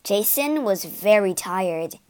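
A woman narrating a storybook for English learners, reading slowly, clearly and expressively. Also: mid-range voice, lively intonation, a little mellow.

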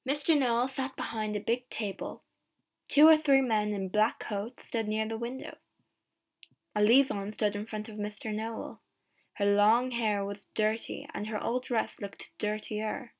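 A woman narrating a storybook as an audiobook reader, in a plain, measured reading. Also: medium pitch, steady tone. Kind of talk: scripted narration.

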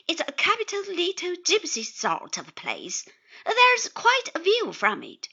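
A woman's voice: very high-pitched, huge pitch swings, measured pace, gravelly, pushed and bright, voice pushed up, exaggerated voice. A woman voicing an earnest, chatty young married man who drops into confidential tones, on slightly dull audio. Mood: eager. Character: cheerful young man, newly married lawyer.

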